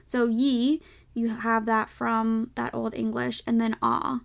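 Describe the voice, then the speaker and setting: Speaking slowly in a fairly high, creaky voice with little pitch movement, a young woman hosts her own laid-back podcast. She has a light Southern American accent, chats freely, and fills her talk with "like" and self-checking asides.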